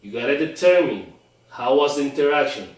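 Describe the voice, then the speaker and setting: Male dating coach, emphatic and repetitive; mid-pitched, recorded far off in a cavernous room. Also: expressive, a little fast. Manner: emphatic, repeats and restarts words. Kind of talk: instructional monologue. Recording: very echoey room, far from mic.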